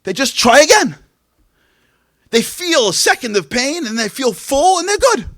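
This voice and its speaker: A man delivers an impassioned inspirational talk, his voice pitched very high and leaping around with lively energy. He fires off rhetorical questions and drops from loud bursts to near hushes. The sound is close and dry, with little room around it. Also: moderate pace, dry recording. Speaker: speaker at a Tisha B'Av event. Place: event venue.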